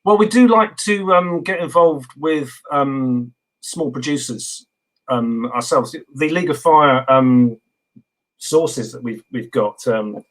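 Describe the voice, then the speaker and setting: A man from England as a guest in a casual video interview, relaxed and rambling with many fillers. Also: mid-range voice, slow, rough recording.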